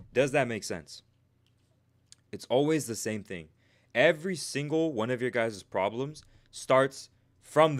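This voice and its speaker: A young man coaching traders on a live stream, talking fast and tagging "right?" onto his points. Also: medium pitch. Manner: energetic, repeats "right?" as a check-in, acts out traders' inner voices. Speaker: trading coach.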